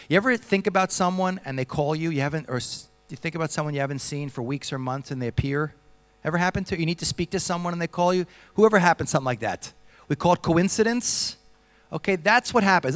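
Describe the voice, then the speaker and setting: A middle-aged man, a speaker at a Jewish convention, telling personal stories to a young audience in a lively, joking way, often asking them questions. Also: mid-range voice. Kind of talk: storytelling talk to a youth audience.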